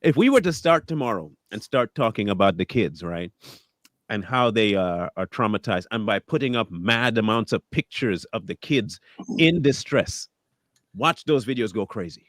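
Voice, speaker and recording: A man's voice: lowish voice, expressive, moderate pace, fairly bright tone, no echo. A man co-hosting a live talk stream, speaking casually and animatedly, acting out quoted voices and laughing often. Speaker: co-host.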